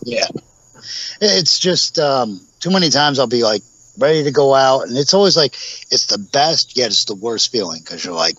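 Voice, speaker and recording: Male guest, 40s, chatty anecdotal storyteller, mid pitch, muffled podcast audio. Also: animated, normal speed, fairly bright tone. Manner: rambling storyteller, acts out quotes with laughs. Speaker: guest, professional wrestler. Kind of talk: casual podcast interview.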